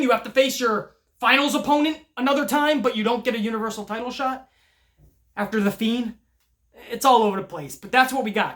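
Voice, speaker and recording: Profane, rambling wrestling vlogger, man. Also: high voice. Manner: profane, animated, rambling with restarts. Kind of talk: casual unscripted vlog commentary.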